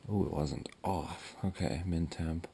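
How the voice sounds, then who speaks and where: A man talking casually as he works on his home boiler, thinking aloud with fillers and throat clearing. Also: low voice, steady tone, a little slow, dark tone, a little hiss or hum. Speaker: DIY builder vlogging his project. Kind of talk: casual talk-through while working. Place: garage boiler room, indoors. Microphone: action camera.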